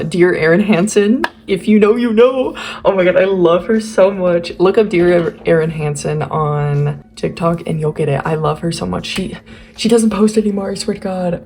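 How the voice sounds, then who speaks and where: A young woman artist flips through her old sketchbooks, gushing in giddy, rambling casual commentary. Her low, gravelly voice is a little mellow and sounds slightly worn.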